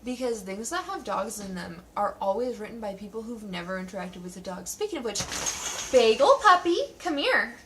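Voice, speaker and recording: A woman's voice: mid-range voice, brisk, few pauses. A woman giving a casual, sarcastic spoken review of a TV show from home, talking in a chatty way full of "like". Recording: distant from the mic, faint background noise.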